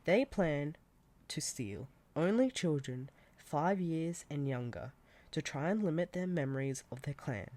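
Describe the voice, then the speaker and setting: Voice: mid-range voice, expressive, unhurried, darkish tone. A storyteller earnestly narrating a second-person fan story set in a game world.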